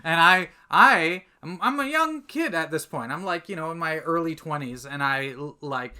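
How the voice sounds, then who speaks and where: Bright, animated storytelling man. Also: fairly high pitch, normal speed, smooth. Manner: animated anecdote-telling, many fillers. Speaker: podcast guest, commercial content producer. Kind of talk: casual storytelling chat.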